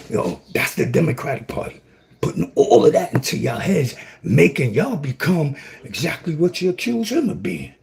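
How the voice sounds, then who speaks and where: A man preaching on a livestream, fiery and preachy, swinging from loud outbursts to a near-whisper. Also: medium pitch, vocal fry. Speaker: livestream host.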